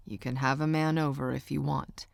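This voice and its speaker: A woman narrator voicing a gentle older uncle in an audiobook, speaking in a low, hushed, comforting way. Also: flat delivery, normal speed, vocal fry, dry recording, full character voice. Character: gruff gentle uncle, older man, soft-spoken. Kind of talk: audiobook character voice.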